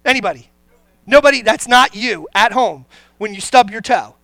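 A pastor preaching a sermon in a conversational, joking way, putting questions to the congregation and dropping low and grave for serious points. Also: lively intonation, normal speed, pushed and bright, no room sound.

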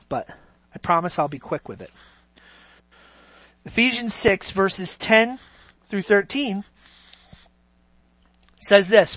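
A preacher in full sermon mode who leans hard on key words, stretching them out loud, then drops to almost a hush. The sound is close and dry, with no room echo. The pitch sits in a middle range. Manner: dramatic swings from loud emphasis to near-whispers; slow, drawn-out stresses on key words.

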